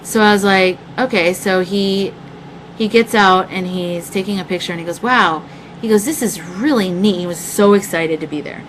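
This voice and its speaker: A woman's voice: mid-range voice, normal speed, a little hiss or hum, rough recording. A young woman telling a long story on her live stream, rambling and profane as she chats with her viewers. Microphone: webcam mic.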